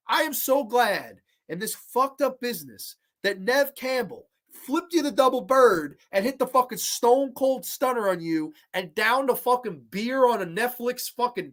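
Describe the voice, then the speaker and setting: A man's voice: high-pitched, a bit bright. A man hosting a horror movie show, ranting heatedly and profanely in a casual livestream and breaking into laughter as he reads viewer comments.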